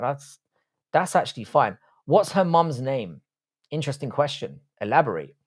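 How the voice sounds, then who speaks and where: Man, casual livestream chat, blunt, heavy swearing, answers viewer questions. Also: medium pitch. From Irish, raised in southwest London. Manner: blunt and profane, reads chat questions aloud then answers.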